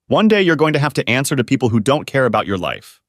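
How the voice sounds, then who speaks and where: A man voicing an angry middle-aged judge who shouts threats at a prisoner. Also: mid-range voice, big pitch swings, fast talker, no room sound, studio quality, voice pushed up. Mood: furious. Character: furious vengeful middle-aged male judge.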